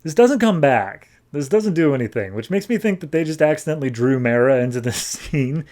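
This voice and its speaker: A man's voice: a little high, expressive, fairly quick, darkish tone. A man hosting a podcast, recapping a comic book in a breezy, offhand way and filling his talk with "like". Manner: offhand, breezy storytelling full of "like". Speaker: podcast host.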